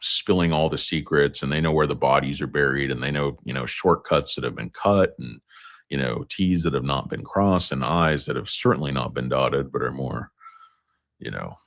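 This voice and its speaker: A man hosts a casual stock market livestream and reads viewer comments out loud. His voice is exceptionally deep and low. He rambles, cracks jokes at his own expense, and drifts between topics. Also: moderate pace, creaky. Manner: rambling, joking, self-mocking.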